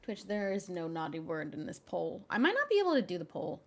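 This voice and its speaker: A young adult woman streaming, chatting casually with her viewers in an animated, often exasperated way and laughing a lot. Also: fairly low pitch, brisk. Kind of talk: casual live-stream chat.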